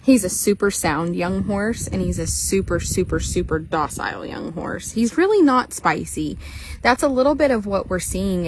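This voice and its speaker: Blunt, joking woman horse trader. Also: fairly low pitch. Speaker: horse trader narrating a training video. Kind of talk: casual commentary. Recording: noisy outdoor ambience.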